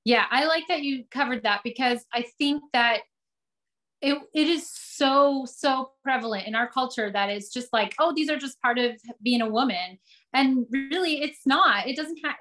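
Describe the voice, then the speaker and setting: A woman in her forties hosting an online class, talking earnestly and warmly with frequent restarts. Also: sits high, moderate pace. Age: 40s. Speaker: host. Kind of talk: casual class chat.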